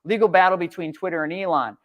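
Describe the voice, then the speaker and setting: A middle-aged man with a slightly high voice, co-hosting a live market stream. He talks bluntly and sarcastically, pushing hard on his points and mocking the news. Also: fairly even intonation, fast, fairly bright tone. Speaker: co-host.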